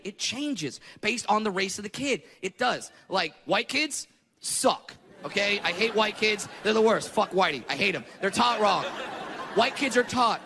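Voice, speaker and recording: A man's voice: high-pitched, pushed and bright. A man from Southern California doing blunt, mocking stand-up and acting out parents and kids in put-on voices. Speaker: stand-up comedian. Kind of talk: stand-up comedy. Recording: live venue with long reverb and crowd noise.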